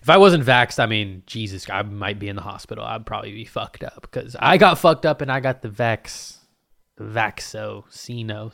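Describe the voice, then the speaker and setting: A young man rambles through a solo podcast, swearing freely and joking as he goes. His voice has a gravelly fry at the edges yet stays smooth and resonant. The sound is dry and close, with no room around it. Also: mid-range voice, a bit bright, no room sound. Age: 20s. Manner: profane, rambling and jokey. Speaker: podcast host. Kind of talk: casual solo podcast rant.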